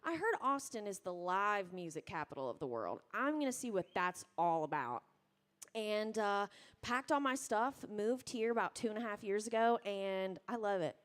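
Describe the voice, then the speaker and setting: A woman's voice: mid-range voice, lively intonation, normal speed. A young woman from Mississippi with a Southern accent, chatting with a bar crowd between songs in a casual, self-deprecating way. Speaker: singer-songwriter performing live. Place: live music bar stage. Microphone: stage vocal mic.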